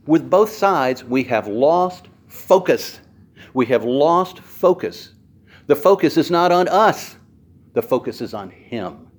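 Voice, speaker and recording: Lively, emphatic male preacher. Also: a little high. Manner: emphatic, repeats key phrases, slows down to stress words. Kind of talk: sermon.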